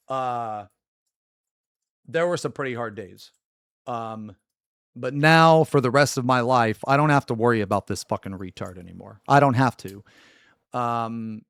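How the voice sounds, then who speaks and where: A man's voice: medium pitch, clean tone, dry recording. Guy streamer going off, swearing a lot, repeats himself for emphasis, dry close mic. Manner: angry, profane, emphatic repetition. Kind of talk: livestream rant.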